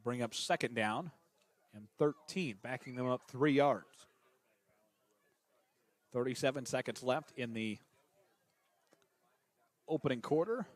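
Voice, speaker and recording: Excitable small-town football play-by-play man. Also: takes it slowly, pauses often, no room sound. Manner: excitable, rises in pitch on big plays. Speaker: play-by-play announcer. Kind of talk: high school football play-by-play.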